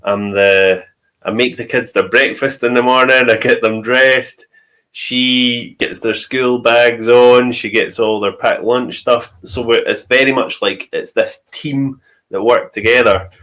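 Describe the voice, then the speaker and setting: A man's voice: mid-range voice, steady tone, a little slow, a bit bright. A man with a Scottish accent telling personal stories in a casual chat, often laughing as he talks. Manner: storytelling, laughs often while talking.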